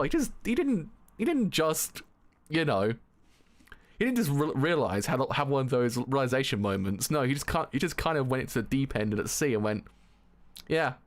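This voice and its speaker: Excitable guy streaming a manga reaction, voice bouncing all over, keeps laughing and tripping over words. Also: fairly high pitch. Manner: excitable, laughs often, swears, stumbles and repeats words. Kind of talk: live reaction stream, reading aloud and commenting.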